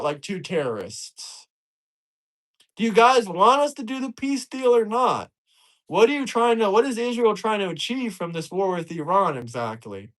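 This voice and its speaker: A man's voice: sits high, poor audio. A man from Florida with a Southern accent hosts a live stream, answering viewer comments in a blunt, heated, profane way and repeating words when he stumbles. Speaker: livestream host.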